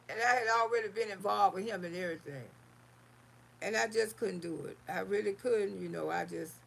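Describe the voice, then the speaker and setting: A woman hosting a live stream, telling a personal story in an animated, casual way and calling listeners honey. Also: fairly high pitch, gravelly, breathy edge.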